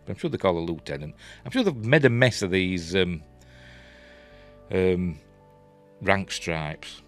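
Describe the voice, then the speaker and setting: A man's voice: low voice, expressive, measured pace, faint music behind. A man with a Yorkshire accent reviewing a TV episode in a casual, rambling way, full of fillers and restarts. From Yorkshire, England.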